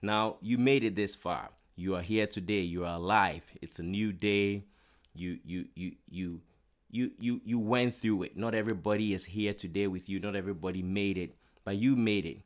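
低い声の男性の説教. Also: male voice, fairly low pitch, steady tone, moderate pace. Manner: earnest, repeats words while building emphasis. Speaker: preacher. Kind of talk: sermon.

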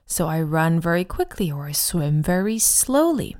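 A woman co-hosting a podcast language lesson, explaining grammar in a friendly way and modelling phrases slowly. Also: lowish voice, very animated, darkish tone. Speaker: co-host and Chinese teacher.

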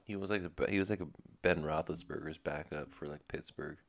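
A man's voice: extremely low pitch, fairly even intonation, fairly quick, gravelly. A man co-hosting a casual podcast, rambling along with plenty of filler words. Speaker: podcast co-host. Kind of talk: casual chat.

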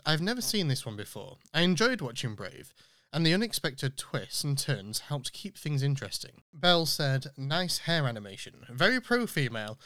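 Chatty English podcast host, smooth voice. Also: male voice, medium pitch, sharp tone, no room sound, clean studio sound. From England. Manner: chatty, enthusiastic, self-correcting asides. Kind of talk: casual podcast commentary.

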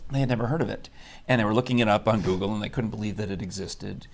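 A man hosting a live studio talk show in a chatty, animated, teasing way. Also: on the low side, fast talker, creaky, a little hiss or hum. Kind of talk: casual live-stream chat.

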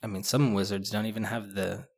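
A man's voice: on the low side, brisk, creaky, slightly rough. Rambling man in casual book chat. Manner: rambling, many restarts and "like"s, animated. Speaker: podcast co-host discussing a book.

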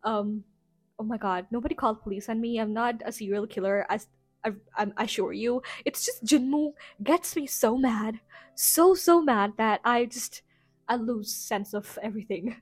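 Woman, fairly high-pitched, chatty rambling host, lots of fillers, faint background music. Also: moderate pace. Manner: chatty, full of "you know" fillers. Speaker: podcast host. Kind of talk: casual rambling review.

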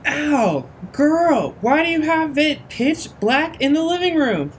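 A man's voice: very high voice, very animated, slow, a little hiss or hum, exaggerated voice. An actor playing a vain, flighty gay young man who talks in an airy valley-girl drawl, full of "like.". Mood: breezy.

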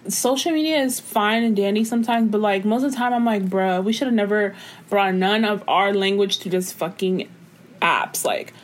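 A woman's voice: mid-range voice, moderate pace. A young woman co-hosting a casual chat, exasperated and slangy as she vents. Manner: exasperated, slangy, agreeing and venting.

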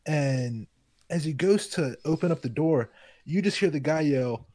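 A man's voice: a little high, animated, a little slow, dark tone, no room sound. A man who is a guest on a podcast, telling a story in a laid-back, rambling way. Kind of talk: casual podcast chat.

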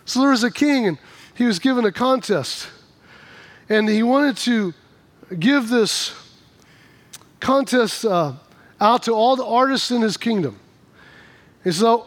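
A man's voice: very high voice, animated, unhurried, long pauses. A male pastor preaching a sermon, telling stories with emphatic repetitions.

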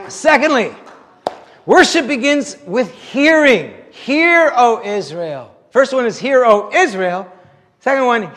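A male pastor with a notably high voice delivers an animated, conversational sermon full of self-deprecating humor. His words trail off into the long reverb of a big church sanctuary.

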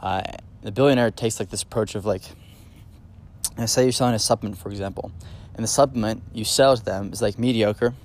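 A man's voice: fairly low pitch, steady tone, brisk. A man hosting a solo podcast, talking casually and enthusiastically, with many fillers and restarts. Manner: enthusiastic, emphatic on key points. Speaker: podcast host.

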